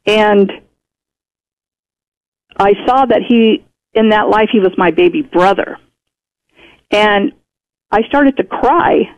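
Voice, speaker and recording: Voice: mid-range voice, slow pace, long pauses. A radio guest in conversation who tells a personal story in a chatty way and acts out the speech of others. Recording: muffled radio broadcast audio.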